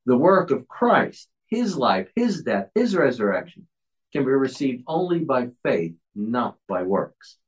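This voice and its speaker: A man preaching, reading a commentary aloud to his congregation. His pitch moves a lot, swinging up and down as he explains. He tends to stumble and repeat words when starting a thought. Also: very animated, a little slow, poor audio. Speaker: pastor.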